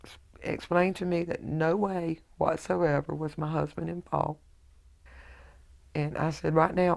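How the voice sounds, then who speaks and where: Middle-aged woman, gravelly voice, halting emotional testimony. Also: sits low, a little mellow. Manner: halting, emotional recounting with quoted dialogue. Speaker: widow telling her story.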